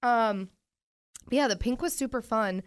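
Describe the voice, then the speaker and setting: Chatting on the podcast she co-hosts, a young woman spins weekend stories sprinkled with plenty of "like" and "um," at times speaking through a mouthful of food. Her voice runs on the high side, unhurried and free of echo.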